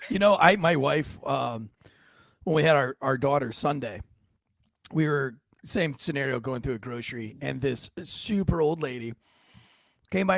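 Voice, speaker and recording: A man hosting a podcast, telling crude stories in casual, animated banter. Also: a little high, moderate pace, vocal fry, no room sound. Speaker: podcast host.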